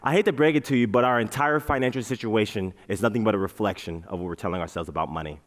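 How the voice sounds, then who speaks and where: A man giving a playful, animated motivational talk on a large auditorium stage, leading the crowd in chants. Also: on the low side, fast. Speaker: motivational speaker. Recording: reverberant hall.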